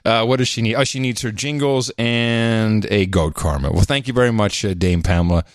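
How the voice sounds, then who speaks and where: A man co-hosting a podcast in casual chat, playful and quick to laugh. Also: fairly low pitch, no echo, clean studio sound. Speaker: podcast co-host.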